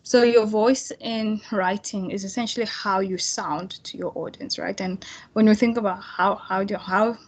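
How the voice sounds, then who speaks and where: Over a computer microphone on a video call, a young woman with a medium-pitched voice runs an online tutorial. She talks to her students in a relaxed, casual, chatty way, often restarting sentences and filling pauses with "um" and "right."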